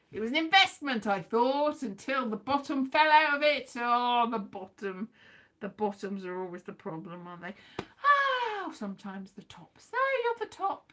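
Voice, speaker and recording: A woman's voice: medium pitch, fairly bright tone. A woman hosting a casual live chat, rambling and self-mocking, now and then breaking into sung lines. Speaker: livestream host.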